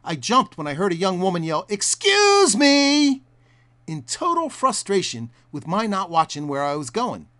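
A man narrating a documentary report, his voice sitting a little high and moving a lot in pitch. He tells the story at a measured pace. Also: animated, sharp tone.

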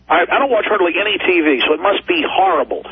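A man hosting a talk radio show, telling a story in a fiery, impassioned way with stammering restarts and a gravelly, raspy voice. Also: sits high, quick pace, dry recording. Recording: tinny phone-like radio audio.

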